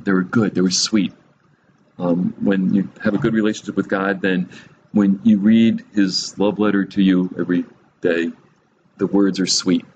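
A man leads a relaxed Bible teaching in a fairly low voice, mixing reading with quick jokes and frequent chuckles. He turns to his listeners with direct, searching questions. A faint hum of room noise sits behind him. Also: dull audio. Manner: chuckles often, humorous asides.

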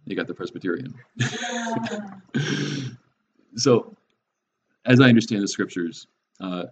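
A man's voice: mid-range voice, sing-song, slow, gravelly, long pauses. A middle-aged man teaching in a casual, conversational way, with frequent restarts and chuckles at his own jokes. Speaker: Christian speaker. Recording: dull lo-fi recording with faint noise.

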